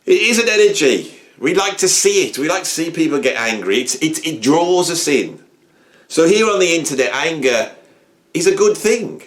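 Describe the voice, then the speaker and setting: A man hosting his music channel, chatting to camera in a rambling, self-mocking way. His voice sits fairly high and swings widely in pitch as he talks. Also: big pitch swings, moderate pace, a bit bright. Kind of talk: casual talk to camera.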